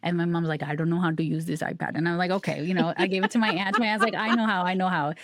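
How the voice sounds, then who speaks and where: A middle-aged woman, a guest on a podcast, telling a personal story in a chatty, animated way and acting out the dialogue. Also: lowish voice, racing, no room sound, studio quality. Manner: chatty, animated, acts out quoted dialogue, laughs often. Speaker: guest, psychic medium.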